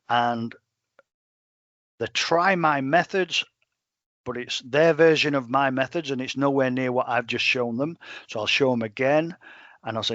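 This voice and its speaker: A plain-spoken English man talks bluntly in a relaxed interview, mid-range in pitch. He keeps acting out what he says to clients. The sound is slightly muffled and dry, with no room echo. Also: unhurried, pauses often. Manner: blunt, plain-spoken, quotes himself a lot. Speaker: professional gun dog trainer. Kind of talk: casual podcast interview.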